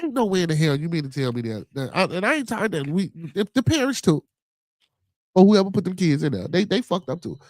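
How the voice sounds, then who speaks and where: Animated Chicago man hosting a podcast. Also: high-pitched, fast talker, no echo, studio quality. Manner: animated, profane, reacts to live chat comments. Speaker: podcast host. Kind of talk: casual live-stream chat.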